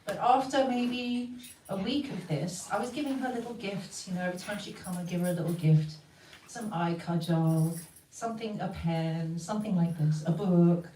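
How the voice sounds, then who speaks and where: A woman tells a story with lively energy and acts out the voices of the people in it. She sits some way from the mic, and the room gives her voice a noticeable echo. A faint hum of ambience stays under her words. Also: fairly low pitch, normal speed, recorded from a distance. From the West. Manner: animated, acting out quoted voices. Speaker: storyteller sharing a memory. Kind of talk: casual spoken testimony.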